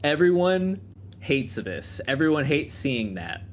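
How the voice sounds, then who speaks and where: A man narrating as game master in a tabletop game, relaxed and full of filler ums. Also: a little high, slow, a little hiss or hum.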